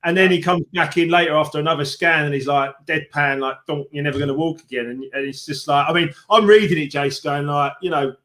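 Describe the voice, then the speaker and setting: Empathetic interviewer recapping a story. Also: male voice, fairly high pitch, brisk, few pauses, sharp tone. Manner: empathetic, recaps the guest's story back to him. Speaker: host. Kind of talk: conversational interview.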